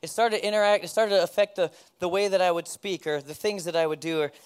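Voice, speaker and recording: High-voiced man giving a candid sermon. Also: fairly even intonation, fast talker, clean tone. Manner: candid, self-deprecating, laughs at himself. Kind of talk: personal testimony sermon.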